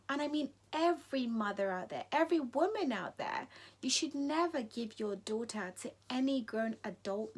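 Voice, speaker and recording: Emphatic woman with a high voice. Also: a bit bright. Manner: emphatic, indignant, repeats for stress; restarts mid-sentence when heated. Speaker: vlogger. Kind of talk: impassioned opinion vlog.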